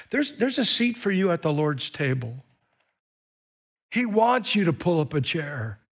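A man preaching an animated sermon as pastor in a church, urging the congregation to say lines back and whooping between them. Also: high voice. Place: church with live stream. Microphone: microphone.

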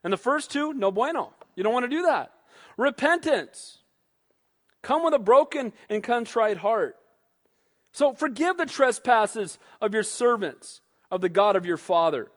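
A man preaching a sermon, animated, who acts out quoted voices and calls for amens. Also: very high voice, measured pace. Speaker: pastor. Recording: long hall reverb.

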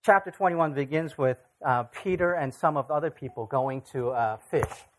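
Pastor, mid-pitched voice, relaxed sermon delivery, talks to the room with lots of rhetorical questions. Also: normal speed. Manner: conversational, asks the audience rhetorical questions.

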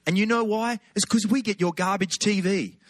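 A man's voice: sits high, steady tone, moderate pace, no room sound. A middle-aged Australian man giving a chatty, humorous sermon as a guest preacher. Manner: humorous, conversational, chatty asides.

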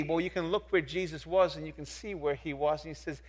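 High-voiced man preaching with emphasis. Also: steady tone, brisk, hardly any pauses, husky. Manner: emphatic, repetitive, rhetorical questions, swings from soft to loud. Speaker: pastor. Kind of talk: sermon.

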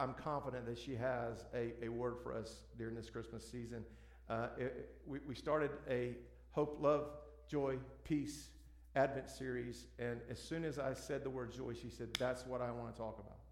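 A man's voice: mid-range voice, steady tone. A man, a pastor introducing a speaker and praying, often stumbling over and repeating words. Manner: repeats words, warm halting delivery. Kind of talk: church sermon introduction and prayer. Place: church sanctuary. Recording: echoey church sanctuary.

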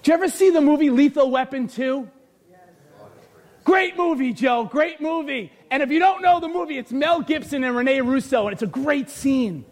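High-voiced man preaching a shouting sermon. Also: moderate pace. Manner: animated, often shouting, joking storyteller. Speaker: pastor. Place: church hall with bleachers.

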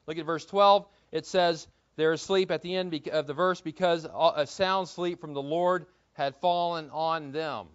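Man, pastor, fairly high voice, conversational sermon, questions to the congregation, dull lo-fi recording. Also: fairly even intonation, normal speed, few pauses, clear, resonant tone. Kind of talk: expository Bible sermon.

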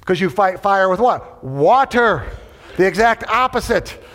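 Animated male preacher in a big hall. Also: high voice, a little slow. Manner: animated, rhetorical questions and call-and-response. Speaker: pastor. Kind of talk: sermon. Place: large hall with an audience. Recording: long hall reverb.

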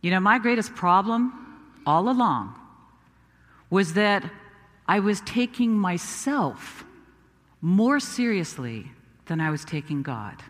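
A man's voice: high-pitched, a bit bright, big-room sound, full character voice. A man playing Moses, a humble, self-doubting Hebrew prophet, in a first-person dramatic sermon told with earnest, emphatic storytelling. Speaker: preacher.

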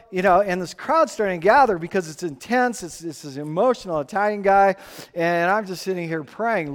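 A man preaching a sermon, telling a personal story with animated rises and drops and frequent restarts. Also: high voice, normal speed, in a large hall. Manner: animated storytelling, rising and falling, repeated restarts. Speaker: pastor.

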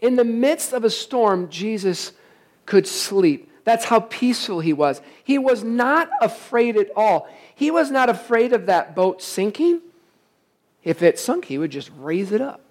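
A man's voice: high-pitched, sing-song, unhurried. Male pastor, emphatic sermon delivery, full of rhetorical questions to the congregation. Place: church service, also streamed online.

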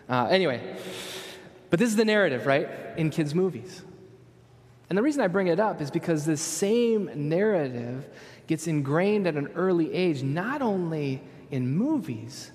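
A fairly high-voiced man in his thirties preaching a relaxed, story-driven sermon. He keeps turning to his listeners with quick "right?" asides. His voice rings out with a long hall echo, as in a large church. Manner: storytelling, often asks the audience "right?". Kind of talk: conversational sermon.

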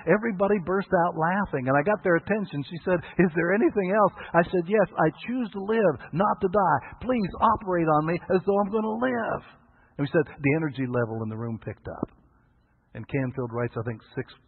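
A preacher on tinny broadcast audio. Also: male voice, medium pitch, breathy edge. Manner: folksy storytelling, acts out quoted voices. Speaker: pastor. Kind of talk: sermon. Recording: tinny phone-like radio broadcast.

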